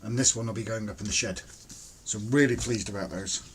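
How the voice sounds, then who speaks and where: A man hosting a relaxed home livestream, chatting casually and greeting viewers by name. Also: lowish voice, brisk, background noise. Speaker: livestream host. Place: home, indoors.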